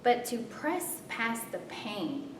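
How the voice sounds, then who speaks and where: A woman performing a spoken story, expressive, her voice jumping high in tense moments and softening when reflective. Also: takes it slowly, background noise. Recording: roomy, distant, rumbling background.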